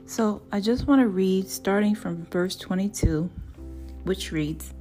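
A woman's voice: mid-range voice, unhurried, dark tone, faint music behind. A woman hosting a podcast, praying aloud, reading scripture and telling her own story in an earnest way, often restarting her sentences. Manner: earnest, with frequent restarts and repeated words. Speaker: podcast host. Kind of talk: prayer, Bible reading and personal testimony.

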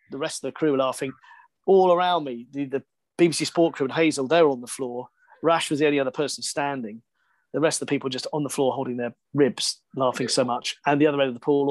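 A man, a broadcaster and interview guest, tells a story in a lively, self-deprecating way and laughs often. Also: mid-range voice, no echo.

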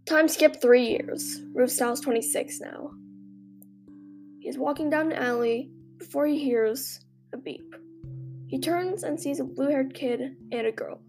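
A woman's voice: high voice, unhurried. A woman reading a fan story aloud with dramatic storytelling. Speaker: narrator. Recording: faint music behind. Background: faint music.

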